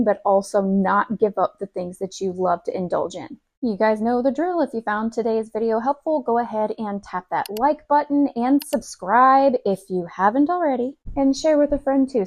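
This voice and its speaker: A woman's voice: on the high side, a little mellow. A woman, a parent, giving casual food advice in an upbeat, encouraging, chatty way. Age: adult parent. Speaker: lifestyle vlogger.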